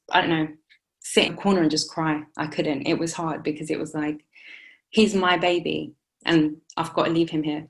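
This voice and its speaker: A young woman in an interview, telling her own story in a halting way with many restarts. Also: lowish voice. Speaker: interview guest, new mother. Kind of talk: emotional personal interview.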